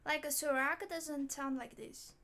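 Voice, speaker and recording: A woman's voice: high voice, unhurried, sharp tone. A woman streamer chatting casually with her viewers, reacting aloud and talking straight to chat.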